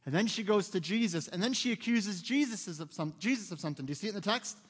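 A high-voiced male pastor preaches in a church with a long, ringing reverb. He tells funny stories against himself and acts out the lines of the people in them. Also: expressive, quick pace, breathy edge. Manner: humorous, self-mocking storytelling with acted-out quotes. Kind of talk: sermon. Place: church sanctuary.

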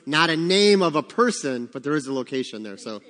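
A man's voice: a little high, very animated, fairly quick, a bit bright. A man leading a Bible study, teaching in a conversational way and asking the group questions. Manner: conversational, asks the room questions. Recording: long hall reverb.

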